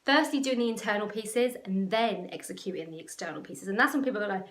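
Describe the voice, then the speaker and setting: A woman's voice: medium pitch, quick pace, fairly bright tone, reverberant, a little hiss or hum. A woman business coach talking to camera in an emotional, passionate, rambling way. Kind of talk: casual talk to camera.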